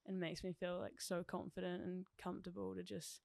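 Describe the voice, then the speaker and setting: A young woman with a New Zealand accent, chatting excitedly as a podcast guest, laughing often and saying "like" a lot. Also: fairly low pitch, fairly quick, gravelly, dry recording. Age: young adult. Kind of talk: casual chat.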